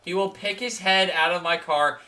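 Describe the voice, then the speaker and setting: A man's voice: sits high, normal speed, sharp tone. A young man, a podcast host, telling a story in casual chat, swearing a lot and laughing as he goes.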